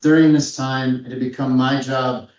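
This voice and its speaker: A man in his fifties, an author giving a measured, reflective reading from his memoir at a live authors' event. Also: medium pitch, little pitch movement, darkish tone. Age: 50s. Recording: roomy, distant, dull-sounding hall recording.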